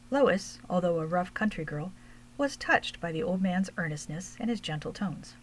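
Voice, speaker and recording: A woman reading a children's storybook aloud, steady and measured. Her voice sits somewhat low for a woman, with a faint hum underneath. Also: rough recording. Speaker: narrator.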